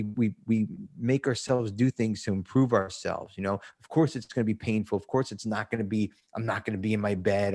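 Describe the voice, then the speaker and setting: A man in his fifties from New Jersey, a podcast guest talking about recovery in a blunt, profane way and laughing often. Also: medium pitch. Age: 50s. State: emotional. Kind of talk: casual recovery interview.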